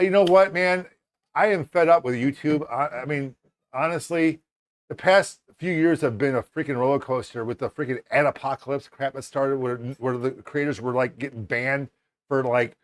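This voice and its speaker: A man's voice: medium pitch, normal speed. A man hosting a live stream, chatting casually and frankly venting about online video. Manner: frank, exasperated rant. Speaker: host.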